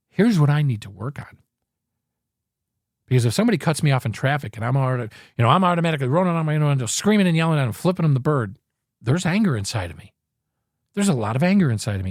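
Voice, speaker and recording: A man's voice: medium pitch, a little mellow, no room sound, clean studio sound. A man hosting a podcast, talking through a casual motivational monologue in an earnest, rambling way, often correcting himself. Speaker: podcast host.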